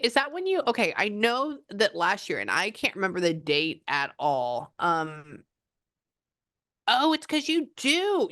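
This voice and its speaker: A woman's voice: mid-range voice, a bit bright, no room sound, studio quality. A woman psychic medium giving a casual reading, thinking aloud and exclaiming often.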